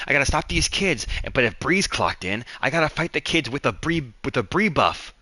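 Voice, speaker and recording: Young guy ranting on a livestream, bright voice, super dry sound, exasperated. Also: mid-range voice, expressive, a little fast, hardly any pauses, dry recording. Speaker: livestream host.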